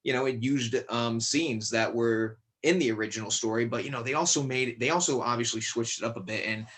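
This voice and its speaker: A fairly quick, fairly bright mid-range voice belongs to a podcast guest from Connecticut. He chats loosely about acting and horror films, wandering through fillers and restarts.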